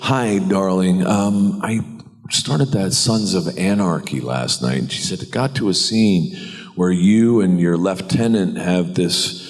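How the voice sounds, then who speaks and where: Brief: middle-aged American man, deep voice, lively storyteller, recorded in a big echoey hall. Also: measured pace. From United States. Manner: animated, laughing, acts out quoted voices. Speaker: actor on a convention panel. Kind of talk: anecdotal storytelling. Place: large convention hall. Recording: reverberant convention hall.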